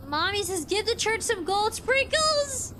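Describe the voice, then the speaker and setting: A woman streamer with a very high, bright, sharp voice, chatting casually and giggling while she reads the chat and the game's text aloud. A faint room ambience sits underneath. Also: sing-song, a little slow, a little hiss or hum. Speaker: VTuber streamer.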